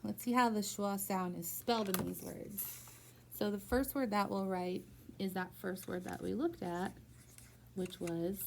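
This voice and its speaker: A woman teacher giving a patient one-on-one phonics lesson in a school room, slowly stretching out words to model their syllables. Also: medium pitch, steady tone, vocal fry, darkish tone, a little hiss or hum.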